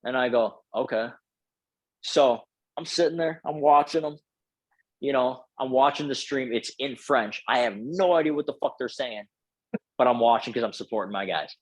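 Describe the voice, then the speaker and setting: A man's voice: medium pitch, normal speed, no echo, poor audio. A man telling a casual, profane story full of filler words as a podcast guest.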